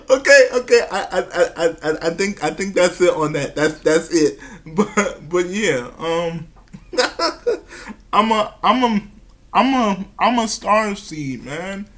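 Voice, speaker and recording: Slow, halting man with a higher voice. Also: animated, fairly bright tone. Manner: halting, stammering, repeats words often; nervous giggles between phrases. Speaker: vlogger. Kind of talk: personal confessional vlog.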